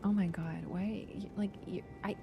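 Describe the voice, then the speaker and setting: A woman livestreamer in casual chat, animated and teasing toward viewers and swearing casually. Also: medium pitch, moderate pace, vocal fry, over music.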